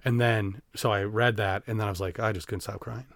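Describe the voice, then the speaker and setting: A man in his forties from Iowa talks openly as a podcast guest, halting and reflective, circling back through fillers and restarts. His voice sits low. The studio mic sound is close and dry. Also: steady tone, a bit bright, no echo. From Iowa, USA. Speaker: guest, band teacher. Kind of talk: candid personal interview. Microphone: studio podcast microphone.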